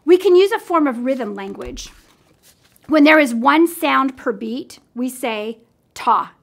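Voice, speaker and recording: Woman music teacher, unhurried, clear and patient, demonstrating rhythm lessons. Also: high voice, lively intonation. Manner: clear, patient, counts in and sings along.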